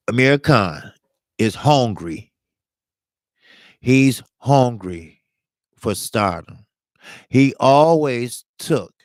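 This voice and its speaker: A man's voice: on the low side, dry recording. A man hosting a casual boxing talk show, talking loosely to his live chat, rambling and jumping between topics, and breaking down fight tactics like a coach.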